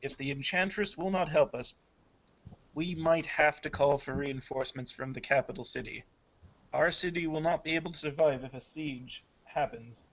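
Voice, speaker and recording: A man's voice: on the high side, moderate pace, fairly bright tone, a little hiss or hum. Man voicing a stern commanding priestess. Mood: firm. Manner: firm, authoritative pleading. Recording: dull lo-fi audio.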